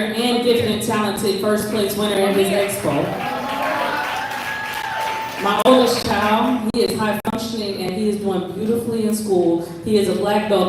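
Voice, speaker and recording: A woman's voice: on the low side, darkish tone, slight background noise. A woman performing spoken word poetry live on stage, moving from rhythmic poetic lines to loose, casual talk with the crowd. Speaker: performing poet. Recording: very echoey room, voice from far off.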